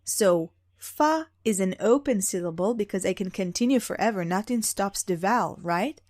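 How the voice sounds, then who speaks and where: A woman's voice: medium pitch, lively intonation, darkish tone, dry recording, studio quality. A young woman teaching beginners how to read, explaining patiently and drawing out example sounds. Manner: patient, drawn-out demonstrations of sounds. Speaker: Hebrew teacher.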